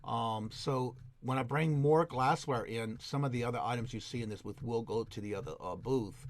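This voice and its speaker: A man's voice: mid-range voice, moderate pace. A man giving a rambling, casual voice-over about his antique booth, full of fillers and restarts. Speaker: antique reseller and vlogger.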